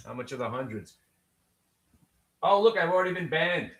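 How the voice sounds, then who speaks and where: A man's voice: on the high side, animated, normal speed, a bit bright. A middle-aged man with a Brooklyn accent hosting a live day-trading stream, brash, profane and full of joking asides. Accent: Brooklyn New York. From Brooklyn, New York. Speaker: day-trading show host.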